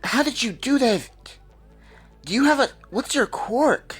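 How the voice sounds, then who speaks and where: A man voicing an excitable young boy in a fan-made spoken story, with a raised, squeaky delivery. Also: unhurried, husky, soft background music, heavily acted. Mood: excited.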